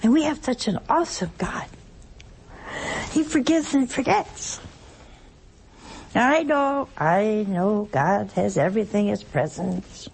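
A woman's voice: mid-range voice, slow pace, creaky, pauses often, darkish tone, a little hiss or hum. An older woman, a nun, giving a folksy, playful spiritual talk on a call-in television program in a studio, chuckling often between points.

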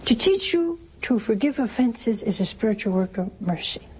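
A woman's voice: fairly high pitch, lively intonation, moderate pace, a little mellow, a little hiss or hum. A woman giving a sermon-style teaching talk, with teasing humor and many rhetorical questions. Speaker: religious teacher.

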